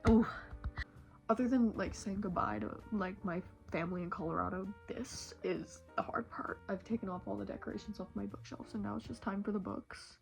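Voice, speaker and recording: A woman's voice: mid-range voice, steady tone, fairly quick, gravelly, faint music behind. A woman in her late teens talking in a casual, tearful vlog, rambling with lots of "like" fillers. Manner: emotional, rambling, many "like" fillers. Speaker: vlogger. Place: bedroom at home.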